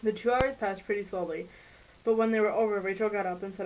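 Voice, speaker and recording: A woman reads her own homemade story aloud in a plain, unhurried way. Her pitch is ordinary for a woman. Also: fairly even intonation, darkish tone, slight background noise, rough recording. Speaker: narrator. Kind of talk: amateur story reading.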